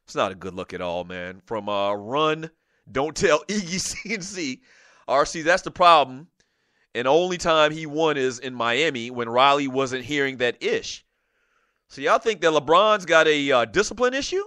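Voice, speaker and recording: Lively, high-voiced sports talk host. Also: male voice, normal speed, no room sound. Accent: Gullah Geechee. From South Carolina low country near Charleston. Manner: animated, joking, laughs often. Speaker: show host. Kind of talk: casual sports talk, reading live chat.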